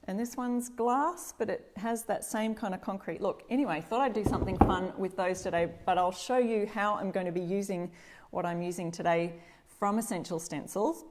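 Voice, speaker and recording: A middle-aged Australian woman hosting a casual DIY live stream from her home workshop, chatty and greeting viewers by name, a little stuffy and clearing her throat. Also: mid-range voice, normal speed, darkish tone, a little hiss or hum. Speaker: DIY craft host.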